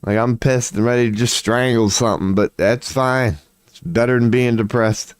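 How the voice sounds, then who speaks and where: A man's voice: mid-range voice, normal speed, smooth, dry recording, clean studio sound. A tired man rambling indoors at home in a late-night vlog, profane, slangy and laughing at himself. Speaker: vlogger.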